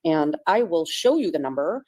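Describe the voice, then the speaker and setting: A woman in a played clip, calmly and deliberately laying out details of phone calls. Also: sits low. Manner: deliberate, matter-of-fact.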